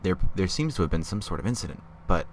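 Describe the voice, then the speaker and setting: A man's voice: deep voice, big pitch swings, fast talker, a little hiss or hum. A young man voicing a polite male castle servant in a shaky attempt at a British accent, over game music. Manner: deferential.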